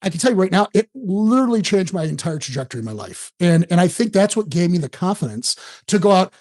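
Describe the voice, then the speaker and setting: Man, forties, from the Detroit area, high-pitched, self-mocking, casual interview storytelling. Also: sing-song, quick pace, darkish tone. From Detroit area, USA. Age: 40s. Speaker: podcast guest, home-selling coach.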